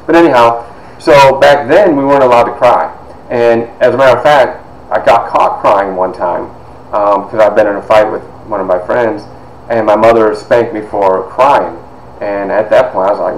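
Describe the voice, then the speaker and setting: Fifties man from Toledo, storytelling speaker, lowish voice, lively chatty delivery, roomy echo. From Toledo, Ohio. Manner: animated, conversational, with frequent asides. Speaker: author and speaker. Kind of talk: personal storytelling talk. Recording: echoey room with faint noise.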